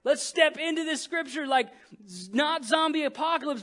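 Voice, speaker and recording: Man, pastor, high voice, sermon, animated storytelling, loud bursts and hushed lines. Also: normal speed.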